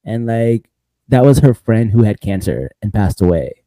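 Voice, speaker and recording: Very animated and warm, his fairly low voice moving at a moderate pace, a male podcast host gives a casual, rambling recap. He laughs often between lines and leans on the word "bro." There's no echo.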